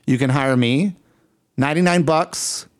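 A man co-hosting a podcast in a casual, energetic, rambling and playful way. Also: fairly high pitch, measured pace. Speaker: podcast co-host. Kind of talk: casual chat.

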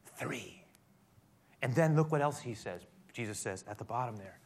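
A man's voice: medium pitch, lively intonation, a little fast, darkish tone. A man preaching a sermon, emphatic and speaking straight to his listeners with frequent direct questions. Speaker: pastor.

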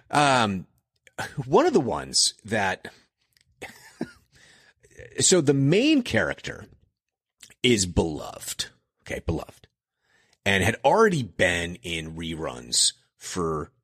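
A man's voice: low voice, fairly bright tone, husky, no room sound, clean studio sound. A man in his forties hosting a podcast, talking through childhood memories in a rambling, casual way and laughing at his own slips. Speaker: podcast host. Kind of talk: casual nostalgic monologue.

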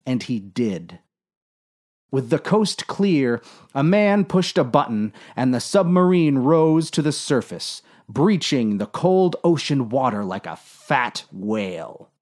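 Slow, deadpan male storyteller. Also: mid-range voice. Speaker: narrator. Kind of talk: deadpan comic story reading.

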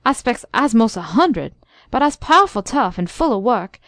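A woman voicing a halting, timid very old man. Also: a little high, sing-song, a bit bright, no echo, clean studio sound. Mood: timid pleading. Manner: halting, stammering speech. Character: timid earnest very old male servant.

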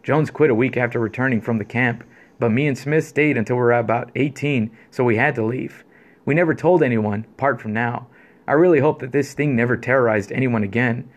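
A man reads a listener's scary story aloud for a podcast, then trades dry, laid-back remarks with his co-host. His voice sits at an ordinary middle pitch. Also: fairly quick.

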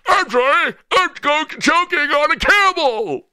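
A man's voice: very high-pitched, expressive, a little slow, pushed and bright, no echo, clean studio sound, pitched above the performer's own voice, exaggerated voice. A man putting on the voice of a whiny, sobbing mocked man who claims he is choking on a camel.

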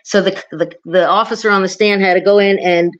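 A woman's voice: mid-range voice, fairly even intonation, brisk. A middle-aged woman tells a story as a podcast guest, rambling and restarting as she goes. She acts out other people's words with animation. Her voice sounds slightly dull and lo-fi. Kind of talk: casual storytelling.

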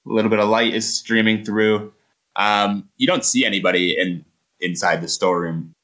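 A man's voice: on the low side, fairly even intonation, moderate pace, a bit bright. A man narrating as game master of a tabletop role-playing game, describing scenes casually with fillers.

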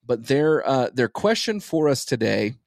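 A man's voice: medium pitch, big pitch swings, unhurried, vocal fry, a little mellow, dry recording, clean studio sound. A man co-hosting a podcast in casual chat, rambling and repeating words as he goes. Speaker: podcast co-host.

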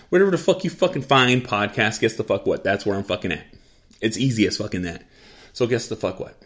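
Blunt, swearing ranting man. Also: mid-range voice. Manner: profane, blunt, rants and repeats himself. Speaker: podcast host. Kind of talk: profane angry rant.

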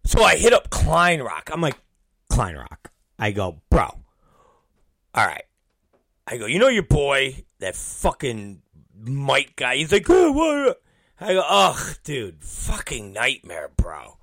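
A man telling a profane story, acting out both sides of old conversations and mimicking others in low, mumbling voices. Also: huge pitch swings, takes it slowly, gravelly, a bit bright, dry recording, clean studio sound. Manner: acts out both sides of conversations, swears constantly.

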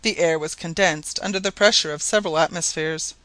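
Brief: male narrator, high bright voice, dry close recording, steady storytelling. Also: fairly quick, no echo. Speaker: audiobook narrator. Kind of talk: scripted narration.

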